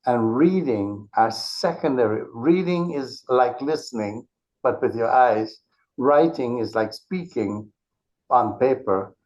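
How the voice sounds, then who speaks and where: A man answers interview questions in a measured, explanatory way. He often restarts his sentences, and his voice sits at a middle pitch. The audio is dull and lo-fi. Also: a little mellow. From Caribbean. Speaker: author and interview guest. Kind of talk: conversational interview.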